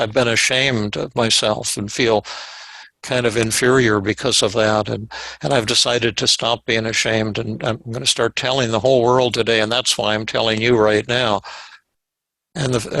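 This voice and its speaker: An older man, a psychiatrist, teaching a webinar through a case story, with halting speech and frequent repeated words. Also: mid-range voice, creaky, pushed and bright, no echo, rough recording. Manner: halting, repeats words, acts out quoted dialogue.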